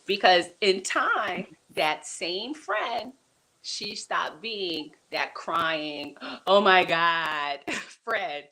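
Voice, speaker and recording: A woman talking as a guest on a talk show, telling personal stories in an animated way, laughing often and restarting her sentences. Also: medium pitch, very slow, poor audio. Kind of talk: conversational interview storytelling.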